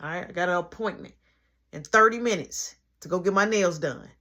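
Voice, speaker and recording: A man's voice: sits high, fairly quick, bright, forceful tone. A man doing his stern, scolding mother. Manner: scolding, threatening. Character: strict irritated mother, middle-aged woman.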